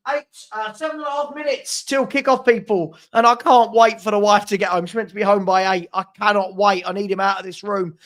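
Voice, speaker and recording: Chatty high-voiced football streamer. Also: male voice, steady tone, fairly quick, few pauses, fairly bright tone. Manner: chatty, reads out viewer comments, scolds a puppy. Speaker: football watchalong host. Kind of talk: casual live-stream chat. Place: home room.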